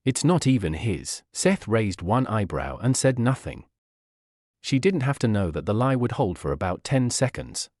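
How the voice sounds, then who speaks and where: A man narrating fan fiction as an audiobook in a steady, even reading. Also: medium pitch, normal speed, dry recording, clean studio sound.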